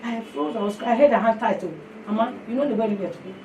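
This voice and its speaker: A woman preaching, telling a testimony in animated storytelling that slips into pidgin, then leading prayer. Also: on the high side, very fast, background noise. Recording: echoey hall from far off.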